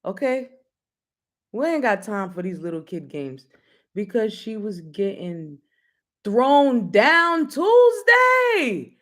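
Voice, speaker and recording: A woman's voice: mid-range voice, lively intonation, measured pace. Blunt, playful woman talk-show host. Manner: blunt, playful, laughs often, speaks to viewers. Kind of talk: casual live-stream talk show.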